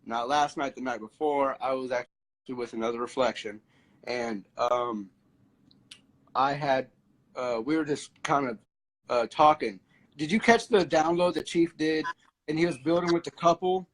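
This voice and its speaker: A man's voice: mid-range voice, fairly even intonation, moderate pace, rough recording. A man hosting a livestream, chatting casually about spiritual ideas with many fillers and restarts. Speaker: livestream host.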